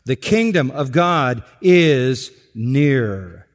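A man preaching an expository sermon, slow and deliberate, stressing each point and asking rhetorical questions. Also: a little high, lively intonation, big-room sound. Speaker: pastor. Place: church sanctuary.

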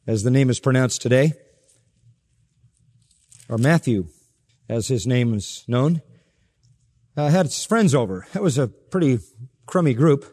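A man preaching a sermon as pastor, emphatic, with sharp rises in pitch and soft drops at the ends of phrases. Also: long reverb tail.

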